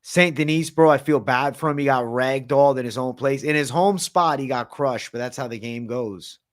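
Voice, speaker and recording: A man's voice: mid-range voice, moderate pace. A man hosting a casual late-night livestream Q&A, chatting in a laid-back, slangy way and answering viewers. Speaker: MMA livestream host.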